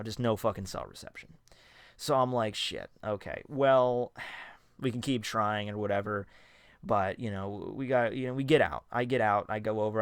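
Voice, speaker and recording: A man's voice: medium pitch, a bit bright, no echo, clean studio sound. Rambling, swearing young guy telling a story. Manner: rambling, profane, many fillers and restarts. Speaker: storyteller vlogger. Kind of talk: casual anecdote storytelling.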